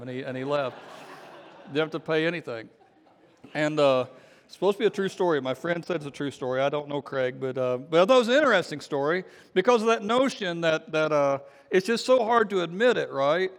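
A man preaching as pastor, his voice somewhat high and gravelly with fry. He talks casually and haltingly, full of fillers and restarts. The sound rings with the long reverb of a church hall. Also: animated. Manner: acts out quoted voices in a story. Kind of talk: sermon with storytelling.

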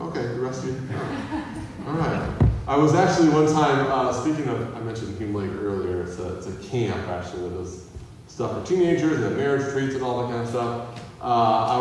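A pastor giving a conversational sermon, mixing humor and acted-out quotes. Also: male voice, mid-range voice, a little hiss or hum. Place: church sanctuary. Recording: echoey hall, voice from a distance.

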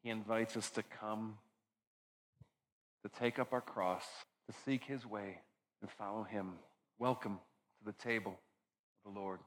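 A man preaching as pastor keeps a fairly even intonation while speaking earnestly, slowing down and turning low and soft at key moments before leading communion. There's a little hiss or hum on the rough recording.

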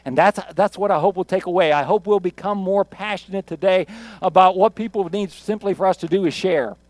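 A man's voice: sits high, a little fast, a little mellow. A man preaching a sermon as pastor, talking in a conversational, jokey way with emphatic repeats.

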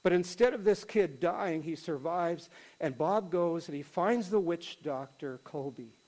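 A man preaching, telling a story in a conversational, animated way. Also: on the high side, a little slow, rough recording. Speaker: pastor. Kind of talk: sermon storytelling.

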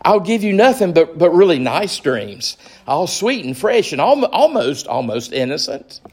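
A man's voice: on the high side, sing-song, measured pace, darkish tone, slightly rough, pitched above the performer's own voice, full character voice. A man doing a whiny, pleading lizard. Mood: coaxing. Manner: whiny, begging, stammering. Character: wheedling pleading male lizard of lust.

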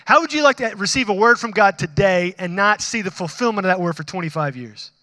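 A pastor delivers a sermon in a high, bright voice, talking casually with the congregation and putting questions to them. He acts out conversations with God in sudden animated bursts. His voice sits close and dry on the mic, with a long reverb tail from a large hall behind it. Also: fairly quick.

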